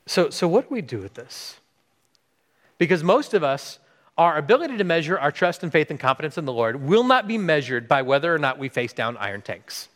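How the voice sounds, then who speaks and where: Man, pastor, sermon storytelling, acts out dialogue, fairly high voice, reverberant hall. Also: brisk. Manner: animated, acts out quoted dialogue.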